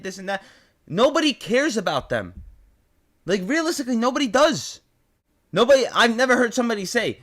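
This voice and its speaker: A young man with a New York accent rants to his audience, swearing and repeating himself in disbelief. His voice sits fairly high for a man and swings widely in pitch as he works himself up. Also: big pitch swings, fairly quick, a bit bright. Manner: incredulous, swearing, repetitive rant. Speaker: host. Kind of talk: profane ranting commentary.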